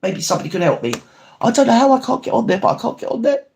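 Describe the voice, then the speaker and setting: A man's voice: extremely high pitch, big pitch swings, rapid-fire, vocal fry, a little mellow, slight background noise, full character voice. A man playing a gossipy older grandmother who hosts a livestream, chatting with viewers and calling them babe and darling. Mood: affectionate. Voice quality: chatty, calls everyone babe and darling, ranting. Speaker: livestream host. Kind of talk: livestream chat reading comments.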